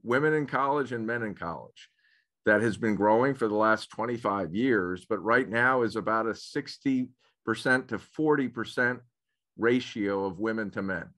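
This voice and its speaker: Man, fairly low voice, halting delivery with many restarts, video call webinar. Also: fairly bright tone. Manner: hesitant, often repeats words and restarts phrases. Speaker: school administrator. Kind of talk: webinar presentation.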